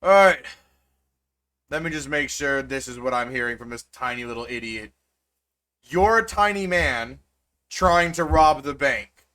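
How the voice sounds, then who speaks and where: A man voicing a tall, stern male wizard officer in a tabletop game, gruff and exasperated. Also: medium pitch, animated, unhurried, pauses often, pushed and bright.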